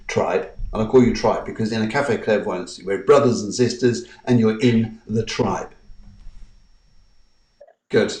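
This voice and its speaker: A man hosting a live-streamed spiritual talk show, walking listeners through tapping affirmations in a soft, coaxing way. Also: mid-range voice, normal speed, reverberant, far from the mic. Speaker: host.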